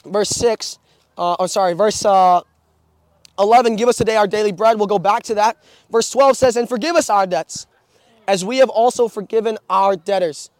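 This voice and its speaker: Young man, high voice, dry close sound, sermon with rambling stories. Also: no echo. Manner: storytelling with frequent restarts and filler. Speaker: preacher.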